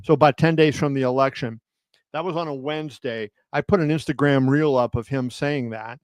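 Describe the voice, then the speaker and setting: A man's voice: mid-range voice, fairly even intonation, brisk, dry recording. A man hosting a live stream as a boxing journalist, telling stories with many fillers and restarts and acting out quotes with a raised voice. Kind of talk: casual live-stream storytelling. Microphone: home setup on a live video stream.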